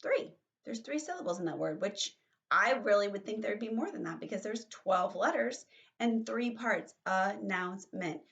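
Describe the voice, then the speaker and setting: Kindergarten teacher, slow and encouraging. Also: female voice, medium pitch, lo-fi sound. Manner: slow, encouraging, with lots of rhetorical questions. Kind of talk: reading lesson for young children.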